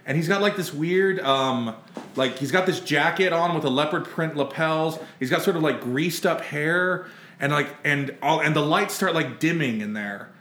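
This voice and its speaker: Guy rambling thru a dumb funny story, swears a lot, bright voice, roomy sound. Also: a little high, moderate pace. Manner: rambling, laughing, swearing freely. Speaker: podcast co-host telling a story. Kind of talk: casual comedic storytelling.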